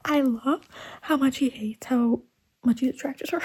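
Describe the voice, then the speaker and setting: Gushing high-voiced young woman, whispery asides. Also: steady tone, unhurried, a little mellow, breathy edge, poor audio. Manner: gushing, laughs often, drops into whispers. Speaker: book vlogger. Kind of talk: casual reading vlog chat.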